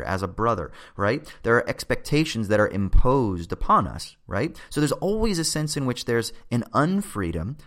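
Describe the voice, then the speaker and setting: A man's voice: lowish voice, a bit bright. Casual, profane man explaining philosophy. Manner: casual and profane, keeps checking in with "right?".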